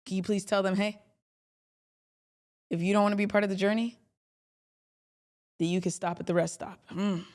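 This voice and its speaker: A young woman hosting a trading livestream, talking in a chatty, emphatic and animated way. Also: mid-range voice, normal speed, pauses often. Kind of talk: casual livestream talk.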